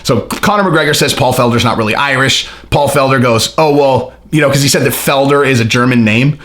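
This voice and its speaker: A man hosting his own vlog channel, talking in a chatty, rambling and excitable way. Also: mid-range voice, fairly quick. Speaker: channel host. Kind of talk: casual vlog commentary.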